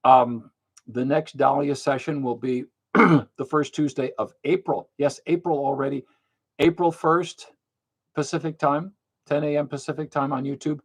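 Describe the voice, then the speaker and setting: A man's voice: on the high side, fairly even intonation, measured pace, breathy edge. An older man hosting a monthly live question-and-answer stream, talking bluntly and matter-of-factly, with frequent fillers. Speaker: livestream host. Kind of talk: casual live Q&A talk.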